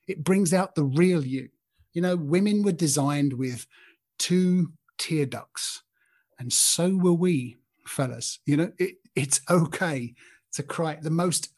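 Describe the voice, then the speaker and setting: A British podcast host in his fifties, with a voice on the high side and a darkish tone, gives an earnest, informal Christian talk. He speaks straight to his listeners, addressing them by name.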